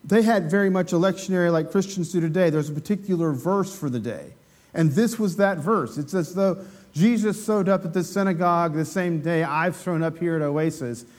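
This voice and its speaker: A man with a high voice preaches a sermon to a congregation. He keeps it conversational and loose. He asks the listeners questions and slips into quick acted voices for the people in the story. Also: a little mellow.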